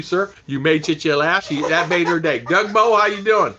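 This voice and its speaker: A man's voice: high voice, expressive, moderate pace, few pauses, lo-fi sound, noisy background. A man hosting a casual live stream, chatting with viewers, reading their names aloud and laughing often. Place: home in the Philippines.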